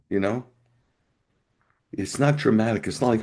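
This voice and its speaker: A man's voice: deep voice, fairly even intonation, moderate pace, long pauses, darkish tone. A middle-aged man, a rabbi, telling a personal testimony as an interview guest in a conversational storytelling way with wry humor.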